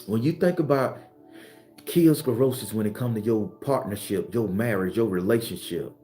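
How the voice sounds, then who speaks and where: A man with a Southern accent gives an emphatic, earthy spiritual talk, hammering his points home through repetition. His voice sits low and mellow. The sound carries the echo of a roomy space. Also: normal speed, soft background music. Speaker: spiritual teacher.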